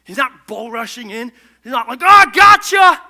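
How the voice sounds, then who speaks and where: A male pastor giving an energetic, conversational, jokey sermon in a church. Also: very high-pitched, normal speed. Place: church stage.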